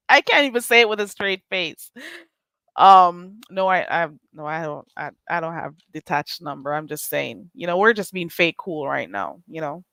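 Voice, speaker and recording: A woman's voice: lowish voice, lively intonation, slow, fairly bright tone, no echo. A middle-aged woman, hosting a casual live stream, teasing and sarcastic as she greets her chat and laughs often.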